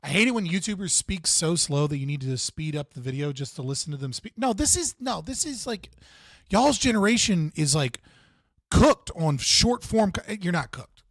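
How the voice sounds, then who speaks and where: A man's voice: fairly high pitch, lively intonation, normal speed, a bit bright, no echo. A man hosting a live stream who rambles and argues with his chat in a casual, profane way, full of fillers and self-corrections.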